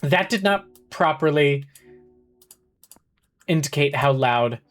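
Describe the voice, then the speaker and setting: A woman's voice: low voice, expressive, takes it slowly. Chatty rambling streamer woman. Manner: rambling and chatty, heavy use of filler like; giggly, gasps and exclaims at the screen. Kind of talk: casual live-stream chat while playing a game. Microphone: headset. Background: faint game music.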